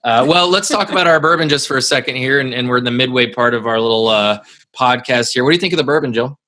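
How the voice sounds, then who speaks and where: A man hosting a casual podcast, talking in a halting way with lots of fillers and restarts. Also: mid-range voice, pushed and bright. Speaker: podcast host.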